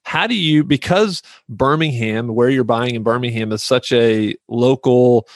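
A man's voice: mid-range voice, a little slow, no room sound. A man hosting a business podcast interview, affirming his guest and asking long questions. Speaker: podcast host. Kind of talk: conversational interview.

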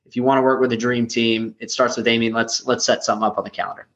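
Guy on a podcast hyping his team, kinda flat voice, a bit muffled. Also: medium pitch, fast talker. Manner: enthusiastic, full of praise. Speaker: company leader, podcast co-host. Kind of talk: casual podcast chat.

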